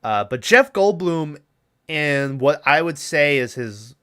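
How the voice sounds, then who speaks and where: A man's voice: fairly high pitch, lively intonation, takes it slowly, pushed and bright, clean tone. A young man co-hosting a podcast, casually recapping a movie in a rambling, profane way and acting out its lines. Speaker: podcast co-host.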